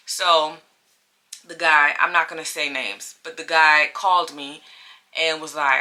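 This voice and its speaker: A woman vlogger telling a personal story in a chatty, animated way, repeating phrases for emphasis. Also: sits low, a little slow. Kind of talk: casual storytime.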